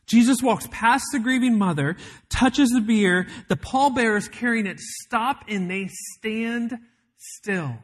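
A man preaching a sermon as pastor, telling a story with emphatic build-ups and dramatic pauses. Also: very high voice.

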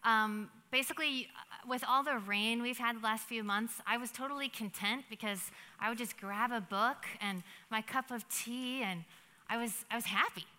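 A young adult woman giving a devotional Bible teaching in a chatty, animated way, with many fillers and restarts. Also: a little high, moderate pace. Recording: long hall reverb.

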